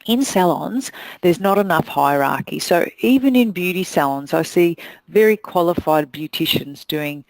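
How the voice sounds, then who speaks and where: A middle-aged woman with a New Zealand accent, working as a salon business coach, gives a blunt, direct motivational talk to salon owners and hairdressers, acting out quoted voices. Her lowish voice is animated and creaky at a moderate pace, with no echo but poor audio.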